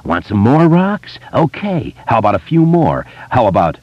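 Guy doing a taunting teen bully in an audiobook, nasty and unhinged, pitched way up. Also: very animated, normal speed, no echo, dull audio. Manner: taunting, raving.

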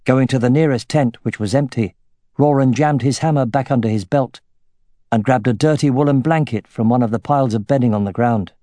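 A man narrating a fantasy audiobook in a measured, steady way. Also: mid-range voice, no room sound, studio quality.

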